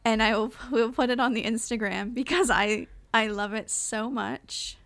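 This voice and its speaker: Female podcast co-host, slightly high pitch, casual storytelling recap. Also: normal speed. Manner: animated storytelling with acted-out quotes and laughter. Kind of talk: casual chat recapping a film.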